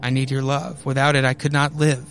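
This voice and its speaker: A man's voice: mid-range voice, little pitch movement, brisk, creaky, fairly bright tone, a little hiss or hum. A man voicing a devoted romantic dream lover who speaks in earnest, tender declarations.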